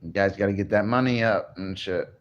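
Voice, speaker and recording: A man's voice: on the low side, brisk, highs cut off, a little hiss or hum. A man vlogging in a casual, rambling monologue, boastful and crude, often breaking into laughter.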